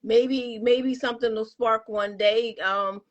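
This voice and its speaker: A woman's voice: on the high side, fairly even intonation, slow, muffled recording. A woman hosting a casual interview, encouraging her guest and speaking of faith. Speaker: talk show host.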